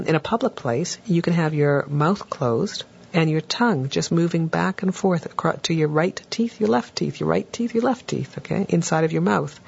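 A woman's voice: low voice, gravelly, husky, lo-fi sound. A woman therapist patiently teaching a tapping technique, walking through examples step by step. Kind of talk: instructional talk.

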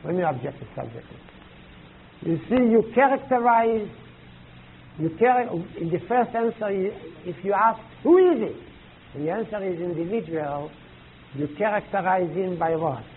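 A man's voice: high voice, lively intonation. Man lecturing on a tinny old tape. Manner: halting, searching for words, rising emphatic questions. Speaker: teacher. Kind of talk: classroom lecture with questions. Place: classroom. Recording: tinny lo-fi old tape recording with faint hiss.

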